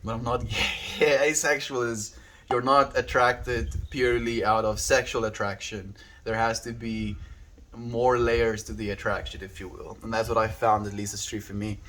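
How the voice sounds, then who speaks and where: A man streaming live, reading viewer chat aloud in a playful, giggly way and turning earnest and gentle when he reflects. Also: medium pitch, little pitch movement, normal speed, a little hiss or hum, poor audio. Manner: playful and giggly, often laughing. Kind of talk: casual livestream chat.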